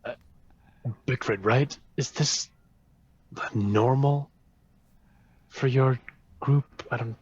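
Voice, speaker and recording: A man's voice: mid-range voice, drawn-out words, long pauses, darkish tone, husky, no echo, muffled recording. A man voicing a nervous, unsure adventurer who stammers and hesitates.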